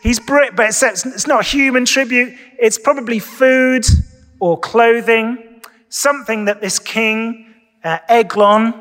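A man's voice: high voice, pushed and bright. A man preaching a casual, conversational sermon at Sunday worship, often asking his listeners questions. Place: church during Sunday worship. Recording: long reverb of a church hall.

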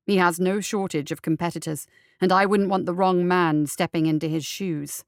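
Brief: woman narrator doing a menacing storybook minister, measured threats, dry close sound. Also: fairly low pitch, steady tone, dry recording, natural voice. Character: scheming male minister, commanding and menacing.

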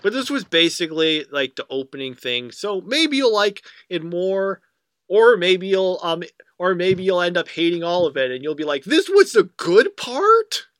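A man's voice: high-pitched, lively intonation, normal speed, fairly bright tone, slight background noise. A young man co-hosting a casual podcast, recapping an episode in a rambling way with many fillers. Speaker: podcast co-host. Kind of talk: casual anime review chat.

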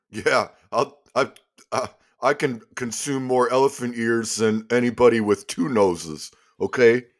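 A man's voice: medium pitch, slow, close to an everyday voice. A man voicing a boorish tavern owner who boasts and trades insults in a comedy sketch. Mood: mocking. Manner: laughs at own insults, boastful. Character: boorish male tavern owner, brash and mocking.

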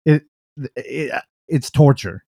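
A man's voice: mid-range voice, lively intonation, slow, vocal fry, dark tone, dry recording, clean studio sound. A man co-hosting a podcast in easygoing, casual chat. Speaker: podcast co-host.

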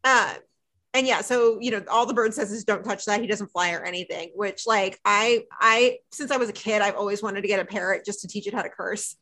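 A woman co-hosting a casual podcast, retelling a TV episode in animated chat and acting out the dialogue. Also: medium pitch, fairly quick. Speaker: podcast co-host.

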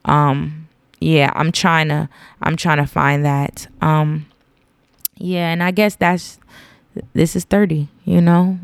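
A woman's voice: low voice, level tone, takes it slowly, vocal fry, clean tone, no room sound. A woman in her thirties hosting her own podcast from home, rambling earnestly and getting emotional to the point of tears. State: tearful. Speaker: podcast host. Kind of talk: casual solo podcast monologue.

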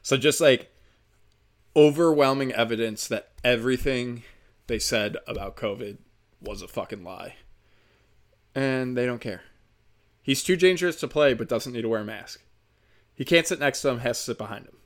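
Pausing often at a moderate pace, a young podcast host from the United States delivers an angry, profane rant in a mid-range voice. He curses nonstop and flares up in exasperated, heated bursts.

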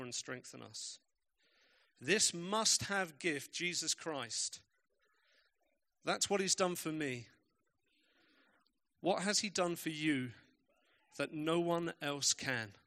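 A man preaching a sermon in a bright, ringing voice that sits a little higher than most men's. He tells stories with emphatic, varied pacing. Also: slow.

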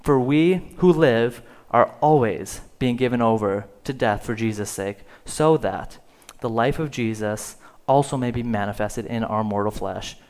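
A man preaching from the pulpit, voice at an ordinary middle pitch. He tells the story casually, with little fillers, and pushes harder in the tense stretches. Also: measured pace, few pauses, darkish tone. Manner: storytelling, rising in volume for dramatic moments. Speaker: pastor. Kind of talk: sermon. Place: church sanctuary.

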